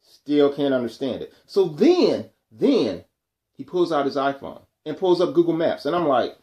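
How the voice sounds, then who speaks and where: A man casually telling a story from his job, animated and acting out what others said. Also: on the high side, moderate pace. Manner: animated, acts out quoted dialogue. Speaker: vlogger telling a work story.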